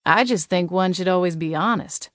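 A woman's voice: lowish voice, normal speed, a bit bright, no echo, studio quality, close to an everyday voice. A woman reading the lines of an amused young male intruder in an audiobook, teasing and easygoing.

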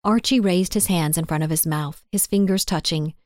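A woman narrating a story in a steady, even audiobook style. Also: lowish voice, moderate pace, dry recording, studio quality.

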